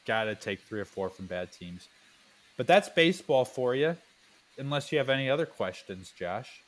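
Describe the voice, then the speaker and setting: A young man co-hosting a casual sports podcast, sarcastic and rambling, dropping into low mumbled asides. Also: expressive, normal speed.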